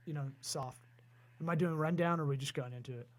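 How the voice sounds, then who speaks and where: A man hosting a comedy business podcast, reading sponsor plugs and joking with his co-host. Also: fairly high pitch. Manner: jokey, rapid-fire sponsor plugs. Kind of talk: casual podcast chat with ad reads.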